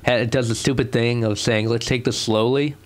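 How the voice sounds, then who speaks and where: A man's voice: medium pitch, fairly even intonation, normal speed. A young man with a Boston accent co-hosting a podcast in casual banter, rambling with lots of fillers and restarts. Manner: rambling, many fillers and restarts, laughs often. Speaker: podcast co-host.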